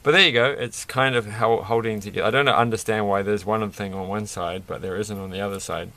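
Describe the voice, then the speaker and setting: A man's voice: fairly low pitch, steady tone, a little fast, creaky, sharp tone. A man rambling through a toy build with self-mocking, off-the-cuff commentary, laughing at his own jokes. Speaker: toy reviewer building a set.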